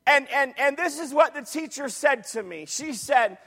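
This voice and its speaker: A man preaching in a church sanctuary, his voice pitched high for a man. His delivery is emphatic, and he repeats key phrases and throws questions back to the congregation. A long reverb trails each phrase. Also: expressive, moderate pace, bright, forceful tone. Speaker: pastor. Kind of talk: sermon.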